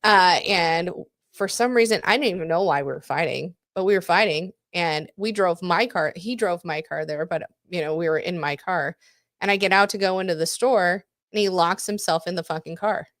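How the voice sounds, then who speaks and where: A woman's voice: on the low side, moderate pace, a bit bright, no room sound, studio quality. Candid swearing woman podcast host. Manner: candid, swears freely, laughs often. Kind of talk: casual chat.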